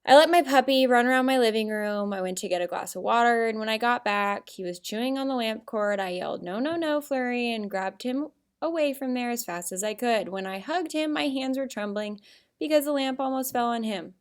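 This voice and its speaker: A woman doing a flat, bored story reader. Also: on the high side, a little fast, clear, resonant tone, close to an everyday voice. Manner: flat, dull monotone reading. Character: friend reading aloud in a flat, bored monotone.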